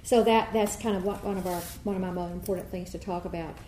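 A woman choir director giving a workshop, explaining and demonstrating warm-ups and singing vowels for her listeners. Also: lowish voice, steady tone, fast talker, a little hiss or hum. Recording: echoey room with faint ambience.

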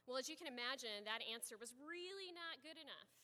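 A woman preaching a sermon as an animated storyteller, swinging from loud to hushed, heard with echoey sanctuary reverb. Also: high-pitched, brisk. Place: church sanctuary.

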